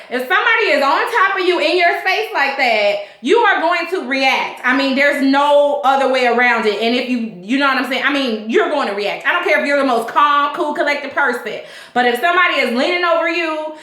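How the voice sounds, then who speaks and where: A woman hosts a casual recap of a TV episode, cursing freely and breaking into laughter as she talks. Her voice sits high and sounds bright. The room around her is echoey. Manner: laughs a lot, profane and animated. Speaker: host of a TV recap show.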